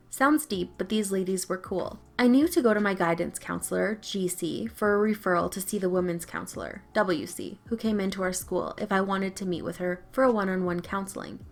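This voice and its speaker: A young adult woman reading an online story aloud with a wry, storytelling delivery. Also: medium pitch. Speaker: story narrator.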